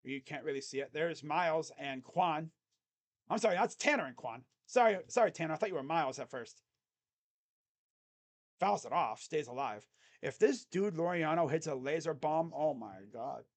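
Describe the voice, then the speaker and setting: A young man doing live fan play-by-play, chatty and rambling, jumping to excited calls on each pitch. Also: normal speed.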